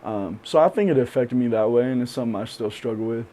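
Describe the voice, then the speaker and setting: A young man being interviewed on a podcast, speaking candidly and reflectively, with many pauses and fillers. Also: medium pitch, dark tone. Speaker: podcast guest.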